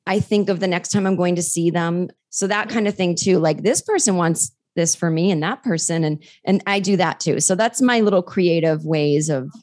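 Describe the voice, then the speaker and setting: Comedian guest, woman, casual chat, animated storytelling. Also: lowish voice, moderate pace, few pauses. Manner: animated storyteller who acts out quotes.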